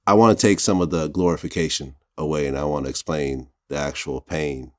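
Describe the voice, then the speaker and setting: A man hosting an interview, asking relaxed questions and laughing along. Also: very deep voice, a little fast, no room sound, studio quality. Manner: relaxed, laughs often, short affirmations. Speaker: interview host.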